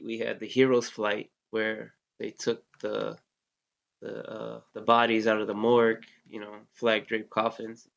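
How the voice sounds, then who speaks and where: A relaxed male army veteran with a low, gravelly voice, recounting a story in loose casual talk. He leans on fillers and swears freely. The sound is dull and lo-fi. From United States. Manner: laid-back, heavy with fillers like "you know", curses freely. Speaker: interview guest, Army veteran.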